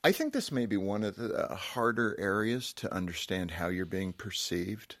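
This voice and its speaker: A man hosting a conversational radio interview, animated and often jumping up in pitch when amused. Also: normal speed. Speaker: radio host.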